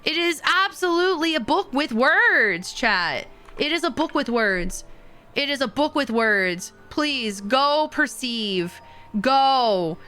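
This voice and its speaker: A young woman streamer chatting with her viewers, rambling and excitable, with many fillers and sudden high squeals. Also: a little slow, faint music behind. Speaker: VTuber streamer. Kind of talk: casual stream chat with viewers.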